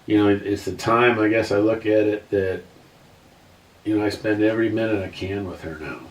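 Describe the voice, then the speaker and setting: A man in his fifties with a very low voice tells his story earnestly, circling back and restarting his thoughts. He sounds set back from the mic in a roomy space with a faint hiss behind him. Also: steady tone, fairly quick, far from the mic, muffled recording. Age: 50s. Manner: earnest, rambling, restarts sentences. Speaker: guest. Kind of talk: emotional personal story.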